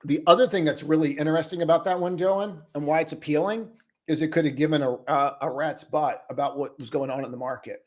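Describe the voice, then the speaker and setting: A man's voice: fairly high pitch, steady tone, fast. A man hosting a live trading stream, talking loosely and casually to viewers, calling them brother and buddy.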